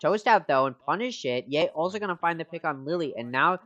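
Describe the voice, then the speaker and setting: A man's voice: fairly high pitch, brisk, highs cut off. Man casting a game play-by-play. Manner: steady explanatory play-by-play, rises for big plays. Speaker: esports caster. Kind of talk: play-by-play commentary.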